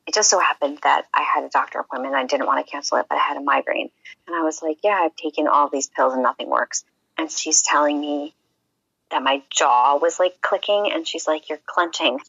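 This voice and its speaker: A woman's voice: low-pitched, brisk, creaky, fairly bright tone, husky, no echo. A woman chatting on a game stream's voice call, telling funny stories and now and then dropping into a whisper. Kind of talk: casual chat on a voice call. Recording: dull lo-fi call audio.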